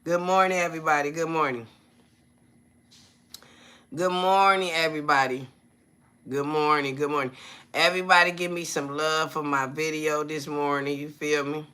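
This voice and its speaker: A man's voice: fairly high pitch, steady tone, normal speed, long pauses, sharp tone, clear, resonant tone. A man talking casually to viewers on a live stream on his phone. His talk is loose and slangy, he keeps asking them "you feel me?", and he breaks off to greet people by name.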